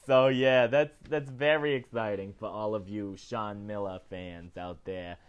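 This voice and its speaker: A man hosting a casual celebrity news show, chatty and animated, often tagging his lines with "okay?". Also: lowish voice, unhurried, smooth, highs cut off. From not British. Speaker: host.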